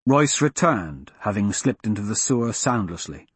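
A man narrating a fantasy audiobook in a steady, measured storytelling manner. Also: fairly low pitch, slightly rough, no room sound.

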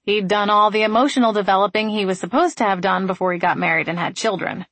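A woman narrating an audiobook in an even, wry storytelling manner. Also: mid-range voice, fast, no room sound.

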